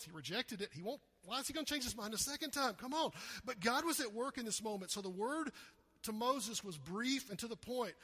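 A man preaching a sermon in a high, bright voice with a husky grain. He keeps it conversational and often checks in with his listeners through questions. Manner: conversational, asks the congregation questions, acts out quotes. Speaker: pastor.

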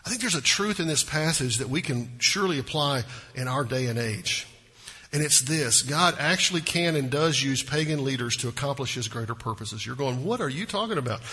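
A man's voice: medium pitch, normal speed, sharp tone, breathy edge. A male pastor preaching a sermon with emphasis and rhetorical questions, recorded in a church sanctuary. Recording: long reverb of a large hall.

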